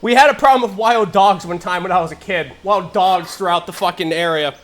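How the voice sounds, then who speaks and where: A young man streaming live, telling funny family stories in casual chat. He is animated, laughs a lot and swears freely. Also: high voice, brisk, soft background music. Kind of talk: casual storytelling while gaming.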